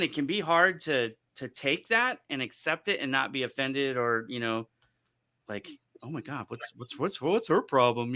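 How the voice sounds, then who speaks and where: A man hosting a panel discussion, joking and telling animated stories with quoted voices. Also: mid-range voice, clean tone. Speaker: panel host.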